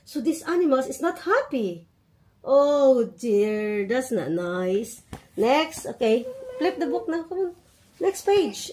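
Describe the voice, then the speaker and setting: A woman's voice: high-pitched, big pitch swings, slow pace, warm tone. A mother from the Philippines with an Ilonggo Filipino accent, vlogging at home at night while coaxing her son to read his book, mixing languages. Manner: code-switches, coaxing and upbeat with her child.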